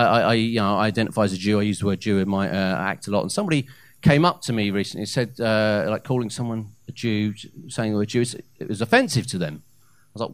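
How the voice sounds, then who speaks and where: Animated man doing live stand-up. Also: on the low side, no echo. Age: 30s. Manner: animated, with hesitant fillers and loud punchlines. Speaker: stand-up comedian. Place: comedy club stage. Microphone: handheld stage mic.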